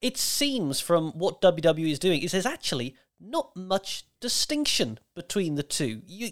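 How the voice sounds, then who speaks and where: Man arguing his point, lively. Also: a little high. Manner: reasoned, debating tone, quick asides. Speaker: podcast co-host. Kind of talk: casual podcast chat.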